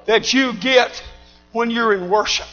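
A man preaching a sermon, shouting in call-and-response style. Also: very high-pitched, unhurried, lo-fi sound, over music.

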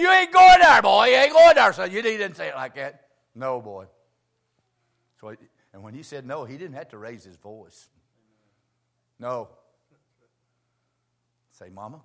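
An older preacher with a high-pitched voice delivers a folksy sermon. He swings between quiet, confiding asides and loud, shouting bursts.

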